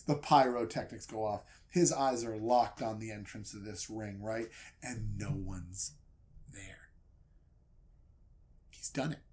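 A man retelling a story for comedy, swinging from loud outbursts to hushed asides. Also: lowish voice.

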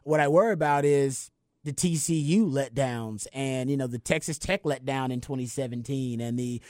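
A man co-hosting a casual sports talk show, animated and quick, often laughing and rising in pitch as he gets excited. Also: no room sound, clean studio sound.

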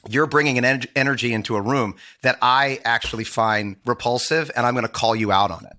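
A man co-hosting a podcast in casual chat, laying out his reasoning calmly. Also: mid-range voice, fairly quick. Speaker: podcast co-host.

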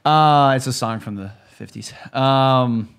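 A man co-hosting a casual comics podcast, tossing in deadpan jokes. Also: mid-range voice, slow, clean tone. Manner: jokey, deadpan quips. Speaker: podcast co-host. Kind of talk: casual chat.

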